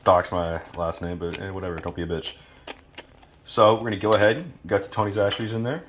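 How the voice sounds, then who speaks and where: A laid-back man from Louisiana walks through a recipe in his home kitchen, swearing freely and tossing in jokes. His voice sits very low. Frying food crackles loudly under everything he says. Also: fairly even intonation, a little fast. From Louisiana, USA. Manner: laid-back, profane, joking asides. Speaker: home cook. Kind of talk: casual cooking tutorial. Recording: noisy kitchen with frying sizzle. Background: food sizzling in a pan.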